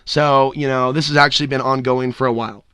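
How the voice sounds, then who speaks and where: A man hosting his own solo podcast, talking loosely and ranting, swearing freely with sudden loud whoops. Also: medium pitch, steady tone, fast, clear, resonant tone, dry recording, studio quality. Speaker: podcast host.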